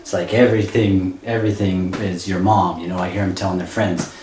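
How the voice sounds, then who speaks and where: A man doing amateur stand-up comedy, rambling and halting, often laughing at his own jokes. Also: deep voice, flat delivery, darkish tone, roomy sound, slight background noise.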